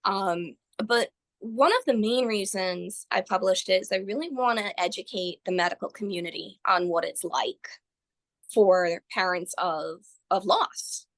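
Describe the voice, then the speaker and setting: A woman guest on a podcast, speaking earnestly and telling her experience with animated storytelling. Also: medium pitch, measured pace. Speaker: guest, author. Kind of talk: podcast interview.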